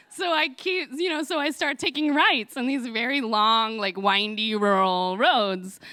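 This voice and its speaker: A woman's voice: medium pitch, bright, forceful tone, smooth, no room sound, clean studio sound. A woman telling a personal story live on stage, chatty and laughing often, with lots of fillers.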